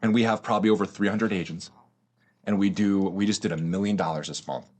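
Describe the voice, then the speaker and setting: A man in his twenties with a low, darkish voice talks fast with fairly even intonation. As a podcast guest he tells his story in casual slang, swearing and saying "bro" often.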